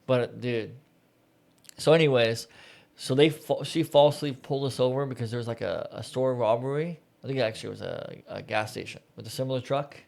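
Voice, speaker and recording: A man's voice: mid-range voice, a little fast, vocal fry, a little mellow. A man co-hosting a podcast, telling a personal story in casual chat with lots of "dude" and "like". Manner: storytelling, heavy use of "dude" and "like". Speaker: podcast co-host.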